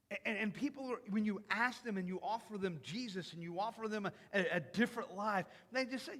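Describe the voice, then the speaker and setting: A man preaching in a church with a very high, bright, forceful voice that rings out in a hall with a long reverb. He breaks into imagined voices and builds to loud, emphatic passages. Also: quick pace, hardly any pauses. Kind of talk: sermon. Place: church sanctuary.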